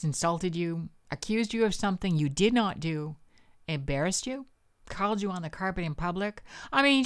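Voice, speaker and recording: A woman's voice: fairly low pitch, clean tone, no room sound, clean studio sound. Punchy Canadian woman podcast host. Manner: punchy, provocative, conversational. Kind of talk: solo podcast monologue.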